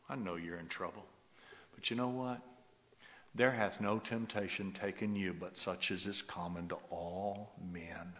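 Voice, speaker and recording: A man preaching a sermon, swinging from loud rising exhortation to hushed, soft passages. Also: sits low, measured pace, big-room sound. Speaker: pastor.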